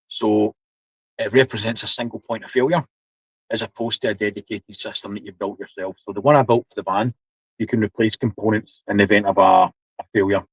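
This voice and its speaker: A man's voice: on the low side, slightly rough, dry recording, highs cut off. A man in his seventies with a Scottish accent, chatting casually on a live stream, explaining things while he reads the chat. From Scotland. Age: 70s. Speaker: livestream host.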